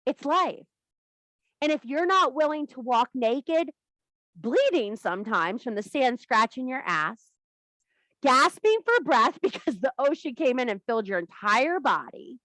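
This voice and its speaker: Brash profane woman with lively pitch. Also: no echo. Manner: profane, blunt, theatrical, laughs often. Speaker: workshop host. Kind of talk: fiery informal workshop talk.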